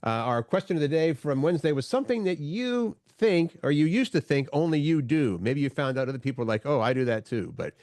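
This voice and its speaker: A man's voice: fairly high pitch, lively intonation, a little fast, hardly any pauses, darkish tone, no echo, clean studio sound. Easygoing, teasing man co-host. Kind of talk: casual morning podcast chat.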